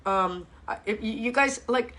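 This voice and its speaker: Lady fitness host ranting live, kinda high voice, swears a lot, super blunt. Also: normal speed, a bit bright. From Miami, USA. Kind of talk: live-stream ask-me-anything chat.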